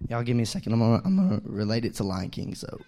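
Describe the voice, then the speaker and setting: A young man giving a casual, chatty sermon, full of fillers and restarts, growing louder on key points. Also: medium pitch, very animated, very fast. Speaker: young preacher.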